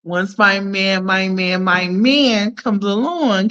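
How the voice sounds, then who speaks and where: A woman hosting a casual livestream, playfully chatting with viewers, shouting them out and laughing often. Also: mid-range voice, slow, hardly any pauses, dull audio. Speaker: livestream host.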